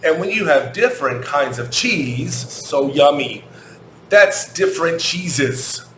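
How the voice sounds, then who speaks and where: An American man gives a children's English lesson, speaking very slowly and repeating each question. He spells words out letter by letter. The recording has an echoey room sound with a faint hum behind it. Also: on the high side, animated, fairly bright tone. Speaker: English teacher.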